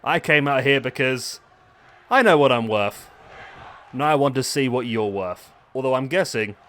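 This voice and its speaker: Guy doing a gruff scottish wrestler, blunt brawler type, pushing for a fight. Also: mid-range voice, lively intonation, moderate pace, a bit bright, a faint crowd, close to an everyday voice. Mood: challenging. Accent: put-on Scottish. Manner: challenging, taunting, calls for a fistfight.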